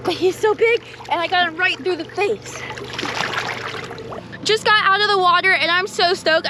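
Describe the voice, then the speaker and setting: Upbeat woman vlogging from a boat. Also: very high-pitched. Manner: upbeat, excitable. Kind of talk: casual vlog narration. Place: small boat on the sea, outdoors. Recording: outdoors on a boat, noisy wind and water.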